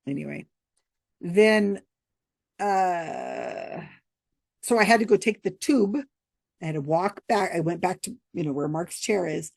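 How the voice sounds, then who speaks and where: A woman's voice: lowish voice, a little slow, gravelly, pauses often, no room sound. An American woman hosting, telling a story to camera in a chatty, rambling way and laughing often.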